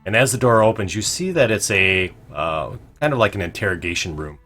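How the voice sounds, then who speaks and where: A man narrating a tabletop game as game master, halting and filling pauses with ums and uhs. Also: on the low side, expressive, bright, forceful tone, faint music behind. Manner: halting, full of ums and uhs, self-correcting.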